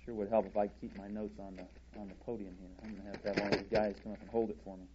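A man preaching a sermon from a church podium, deliberate and halting, with frequent restarts. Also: fairly low pitch, level tone, dark tone, muffled recording, a little hiss or hum.

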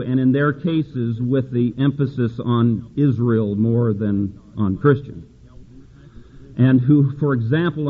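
A man delivers a folksy sermon and reads scripture aloud. His voice climbs to an emphatic pitch on the key verses. The sound is thin and tinny, like a phone line. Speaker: preacher.

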